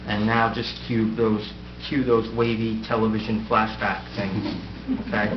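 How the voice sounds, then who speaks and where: A man with a lowish voice speaks in a level tone and at a slightly slow pace. He's a middle-aged outgoing mayor delivering a prepared farewell speech from the council dais, full of wry, self-deprecating humor. The recording is echoey, dull and noisy, captured in a room.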